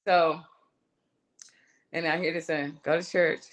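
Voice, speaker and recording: A woman, a singer and songwriter, telling a personal story on a live show in a lively way, acting out voices and calling her listener "girl". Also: deep voice, takes it slowly. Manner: animated, acts out her own voice and inner voices, calls the listener "girl".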